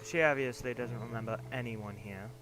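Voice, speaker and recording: A man's voice: mid-range voice, moderate pace, lightly acted. A man reading as a curious teen girl. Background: game music.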